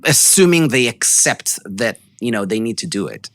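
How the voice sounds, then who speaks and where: A man from Israel hosting a casual business podcast, speaking haltingly with many ums while asking questions. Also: medium pitch, very animated, a bit bright, dry recording. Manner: hesitant, many ums, asks questions slowly. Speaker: podcast host.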